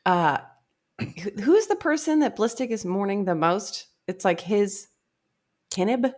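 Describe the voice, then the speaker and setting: A woman's voice: mid-range voice, very animated, a little slow, a little mellow. A woman co-hosting a casual book club podcast, thinking aloud in a rambling way with many "likes". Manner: thoughtful, rambling, hedging with "like".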